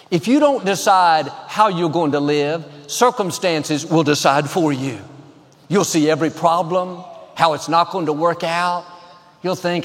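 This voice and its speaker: A man's voice: fairly high pitch, a little slow, long reverb tail. A man preaching a sermon as pastor, upbeat and emphatic, telling a joke to the congregation.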